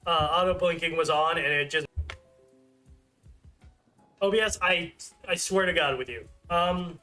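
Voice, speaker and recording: High, bright-voiced male streamer. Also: measured pace, faint music behind. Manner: rambling, self-deprecating, many fillers. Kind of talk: casual livestream chat.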